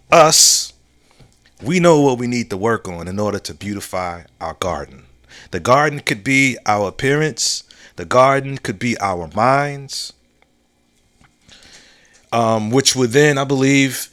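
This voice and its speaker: Bright-voiced man musing on a podcast. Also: medium pitch. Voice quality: laid-back, drawn-out phrasing with slang and restarts. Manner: reflective, repeats key phrases, asks "you know what I'm saying?". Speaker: podcast host. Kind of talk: casual solo monologue.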